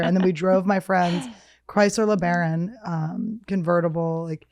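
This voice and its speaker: A woman in her thirties co-hosting a podcast, telling crude, animated stories in casual chat. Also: lowish voice, normal speed, creaky, dry recording. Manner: animated, crude jokey storytelling. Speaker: podcast co-host.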